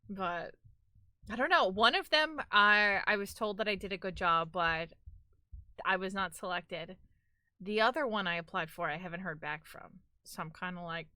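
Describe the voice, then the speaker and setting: A woman's voice: mid-range voice, normal speed, pushed and bright, no echo, clean studio sound. A woman with a New York accent chatting casually on a live stream, rambling and filling her talk with "like".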